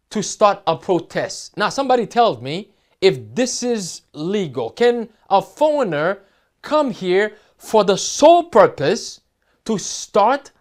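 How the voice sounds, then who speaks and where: A man preaching a sermon, reading headlines and scripture quotes aloud and asking his listeners questions. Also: sits high. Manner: emphatic, asks the audience questions. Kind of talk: sermon reading news and prophecy.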